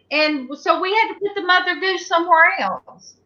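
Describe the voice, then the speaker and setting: A woman's voice: very high-pitched, normal speed, sharp tone. A middle-aged woman with a Southern US accent, hosting a casual panel chat and telling rambling stories full of fillers. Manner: chatty storyteller, many fillers and restarts. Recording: dull lo-fi sound.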